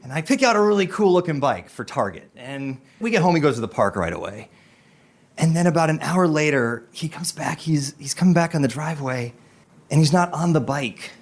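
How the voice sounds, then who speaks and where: A man's voice: a little high, lively intonation, a little fast. A man telling a personal story about his son on a podcast, acting out the voices of the people in it. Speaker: guest storyteller.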